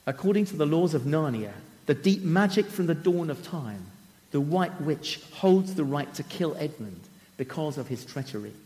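A man retells a story in a fairly high voice that swoops up and down with drama. His words ring out with the long reverb of a large hall. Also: lively intonation, normal speed, dark tone. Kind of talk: storytelling talk.

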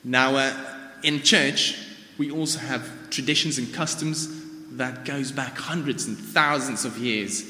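A man's voice: medium pitch, unhurried, bright, forceful tone. A man in his thirties from South Africa, with a South African accent and Afrikaans as his first language, giving a sermon as informal personal storytelling. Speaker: church speaker. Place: church. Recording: reverberant church hall.

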